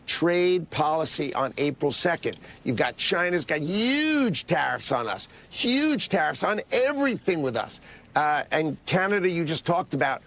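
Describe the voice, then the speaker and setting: A man's voice: fairly high pitch, a bit bright. A man on a played TV clip, defending trade policy with insistent, repeated talking points. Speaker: political commentator in a clip. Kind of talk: TV political interview.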